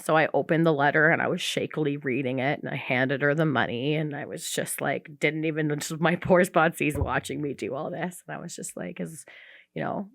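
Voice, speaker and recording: A woman's voice: low-pitched, fairly even intonation, a little fast, gravelly, no room sound, clean studio sound. A young woman on a casual recovery podcast, a candid storyteller who swears freely and acts out the voices of the people in her story.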